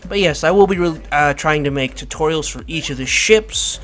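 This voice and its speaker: A man's voice: fairly high pitch, normal speed, a bit bright. A man casually explaining a video game in a rambling, self-joking tutorial commentary. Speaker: gaming video creator. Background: faint background music.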